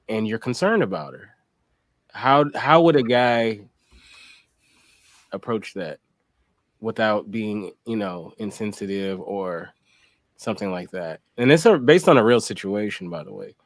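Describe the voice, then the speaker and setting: A man hosting a casual panel chat on a video call, relaxed, asking questions and laughing along. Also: fairly low pitch, measured pace, pauses often, no echo.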